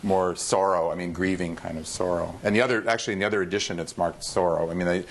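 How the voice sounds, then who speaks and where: A man talking through a piece in a casual rehearsal discussion, halting and searching for words, with frequent restarts. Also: low-pitched, steady tone. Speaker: violinist coaching a duo.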